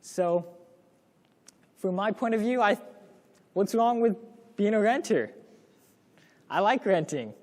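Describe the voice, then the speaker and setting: Man, young adult, higher voice, casual parenting lesson, storytelling, echoey hall. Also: animated, takes it slowly, long pauses, a little mellow. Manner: casual, storytelling, acts out quoted lines. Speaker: course presenter. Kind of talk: classroom talk to parents.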